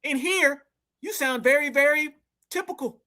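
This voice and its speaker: A man's voice: very high voice, moderate pace, noisy background. A man giving blunt, sarcastic commentary to his viewers, calling them family. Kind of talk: casual commentary.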